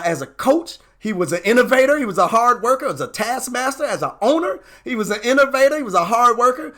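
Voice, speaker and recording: A man's voice: on the high side, fairly bright tone. A man hosting an impassioned motivational talk, preaching with repeated emphasis and getting fired up as he goes. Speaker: host.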